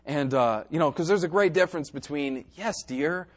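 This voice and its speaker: A man with a notably high voice preaching a sermon. He drops to quiet, joking asides and then climbs back to loud, emphatic exhortation. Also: fairly quick. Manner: dry jokes to the congregation.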